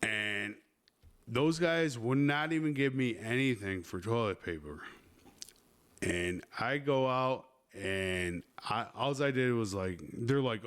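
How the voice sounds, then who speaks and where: A man's voice: mid-range voice, slow pace, fairly bright tone, clear, resonant tone. Man, podcast host, crude rambling storyteller, swears constantly.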